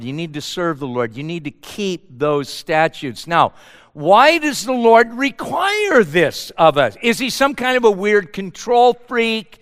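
A man's voice: high-pitched, a bit bright, smooth, in a large hall. A man preaching a sermon to a church, asking rhetorical questions and stumbling into repeated words as he presses his point. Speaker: pastor.

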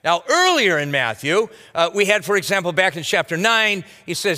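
A man's voice: sits high, sing-song, normal speed, few pauses, bright, forceful tone, in a large hall. A man preaching a sermon as a pastor, teaching verse by verse in a conversational, folksy way with casual asides. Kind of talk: expository sermon.

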